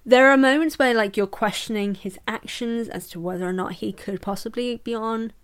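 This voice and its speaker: Chatty young woman podcaster, bright pitch. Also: normal speed, smooth. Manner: chatty, laughs often, jokey asides. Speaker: podcast host. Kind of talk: casual book review podcast.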